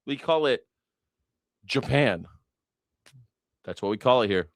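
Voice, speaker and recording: A man's voice: medium pitch, expressive, slow pace, dry recording. American man, livestream news host, sarcastic, swears a lot, dry close sound. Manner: profane, sarcastic, laughs often. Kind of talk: casual livestream commentary.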